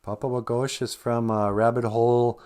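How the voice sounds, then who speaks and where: A man's voice: mid-range voice, level tone, normal speed, a little mellow, smooth. A man from Minnesota with an Upper Midwest accent, hosting a casual livestream, chuckling and teaching words while reading viewer comments aloud. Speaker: livestream host teaching Ojibwe. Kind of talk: casual livestream chat and language lesson.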